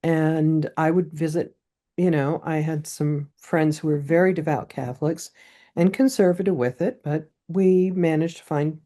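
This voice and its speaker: A woman's voice: low voice, steady tone, measured pace, mellow. A woman poet, a guest in a casual interview, telling stories in a chatty way. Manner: chatty storytelling.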